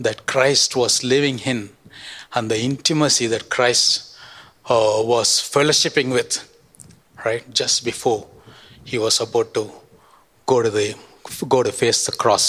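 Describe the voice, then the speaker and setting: A man's voice: mid-range voice, fairly bright tone. Preacher man in a reverberant hall. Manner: repeats points, frequent "right?". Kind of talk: sermon teaching.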